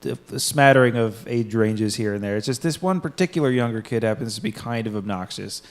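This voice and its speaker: On his podcast, a twenty-something male co-host chats casually and tells meandering gaming stories at a fairly quick clip. His pitch is medium, and he swears a lot while imitating the people in his stories.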